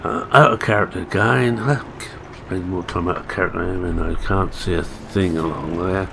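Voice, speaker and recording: A Scottish man with a deep, rough-edged voice talks his way through a farming game. He chats casually and jokes about his own laziness. Loud vehicle and engine sounds from the game run behind him. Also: brisk, noisy background. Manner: chatty, self-deprecating, thinking aloud. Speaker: gaming channel host. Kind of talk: casual gameplay commentary.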